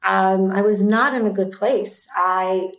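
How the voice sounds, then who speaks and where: A woman's voice: medium pitch, steady tone, slow pace. A middle-aged woman, an entrepreneur, telling her story in an interview, intense and emphatic. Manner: intense, emphatic, swears when fired up. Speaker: guest, entrepreneur. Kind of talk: emotional interview talk. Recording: roomy echo.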